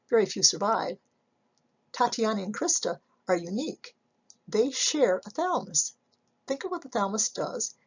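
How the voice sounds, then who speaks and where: A woman psychology instructor giving a recorded slide lecture, measured and explanatory, often asking rhetorical questions. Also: mid-range voice, breathy edge, muffled recording.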